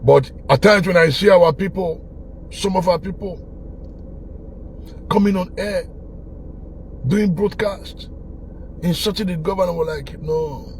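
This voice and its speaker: Here a Nigerian online commentator with a Pidgin-flavoured accent preaches about politics, repeating himself with fervour and erupting now and then into laughs and shouts. He speaks high-pitched and measured, leaving long pauses, over slight background noise.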